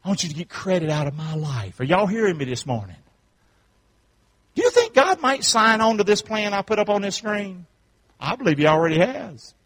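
A man pastor preaching a sermon, calling out to his congregation and swinging from quiet asides to shouts. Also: sits high, very animated, normal speed. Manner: call-and-response preaching, swings from hushed to shouting. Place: church sanctuary.

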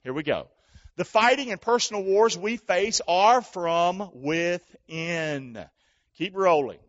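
A high-voiced male pastor preaches to his congregation. He calls for answers, booms out lines and then drops to a near whisper. The church recording sounds dull and muffled. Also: animated, slow pace. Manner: call-and-response preaching, swings from shouting to hushed. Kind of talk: sermon.

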